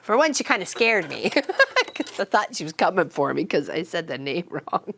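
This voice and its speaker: A woman's voice: lowish voice, sing-song, moderate pace, creaky, a bit bright, slight background noise. A woman in casual chat with her viewers, telling stories, laughing often and teasing people by name. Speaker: streamer chatting with viewers.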